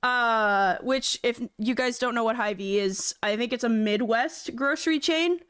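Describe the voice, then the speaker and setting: A young woman streaming live, her voice pitched a little high. She rambles to her chat in a loose, casual way, swearing now and then and talking close to a desk microphone. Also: unhurried, a bit bright, smooth. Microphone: desk mic.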